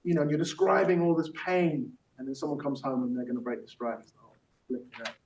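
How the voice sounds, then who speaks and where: A man leads a workshop, chatting loosely with plenty of fillers and restarts, his voice a little higher than most. He is picked up from across a large, echoey room on a dull-sounding mic, with a faint hiss behind him. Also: fast talker, a little mellow. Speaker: workshop facilitator. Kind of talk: teaching workshop with spoken-word poem performance. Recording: roomy, distant, dull room recording.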